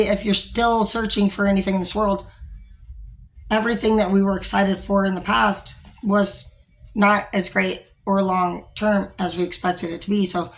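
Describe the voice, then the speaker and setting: A young woman, a store manager, talking frankly and rambling in a casual vlog, with many fillers and some swearing. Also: medium pitch.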